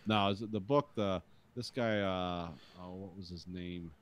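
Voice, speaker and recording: A man's voice: sits low, fairly even intonation, measured pace. A man co-hosting a podcast, chatting casually and rambling about a movie with some swearing. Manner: laid-back, rambling, profane. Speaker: podcast co-host.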